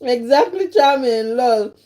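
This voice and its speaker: A woman's voice: fairly high pitch, lively intonation, takes it slowly, warm tone. Laughing Jamaican-British woman chatting to viewers. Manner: laughs often, teasing banter with chat. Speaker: livestream host. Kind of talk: casual live-stream chat with viewers while eating.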